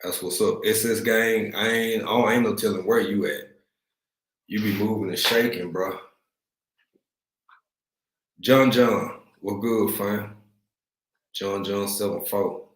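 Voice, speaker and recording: A man's voice: fairly low pitch, fairly even intonation, a little slow, reverberant, poor audio. A man from East Texas with a Texan accent, hosting a casual livestream chat, laid-back and slangy, greeting viewers by name. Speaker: livestream host. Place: room at home, in Africa.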